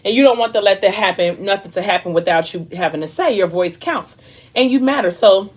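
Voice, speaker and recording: A woman's voice: mid-range voice, animated, fairly quick, natural voice. A woman voicing a firm, no-nonsense mother who talks plainly to her family. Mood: firm motherly.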